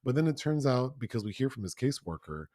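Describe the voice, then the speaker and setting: A man co-hosting a casual film review podcast, talking in an animated way with frequent laughter and mock outrage. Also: medium pitch, quick pace, no echo, studio quality. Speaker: podcast co-host.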